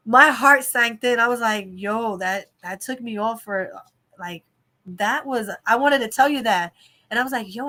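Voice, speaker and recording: A woman hosting a casual livestream chat from home, telling a story in an animated way, exclaiming and laughing as she goes. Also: fairly high pitch. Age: adult mother of a young child. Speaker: livestream host.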